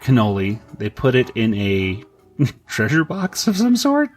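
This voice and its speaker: A man's voice: mid-range voice, huge pitch swings, unhurried, faint music behind. A man co-hosting a podcast, casually recapping a comic and acting out the characters' lines in raised voices, with many fillers. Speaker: podcast co-host.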